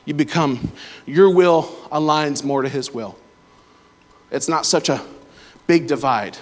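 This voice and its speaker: A preacher telling personal stories in a sermon, breaking into loud exclamations. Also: male voice, fairly high pitch, measured pace. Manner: storytelling, swings to loud exclamations. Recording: hall reverb.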